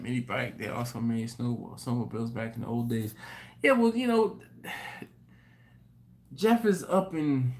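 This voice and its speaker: A man hosting a live stream, telling a story in an animated, rambling way with many restarts. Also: medium pitch. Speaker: host. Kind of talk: casual live-stream chat.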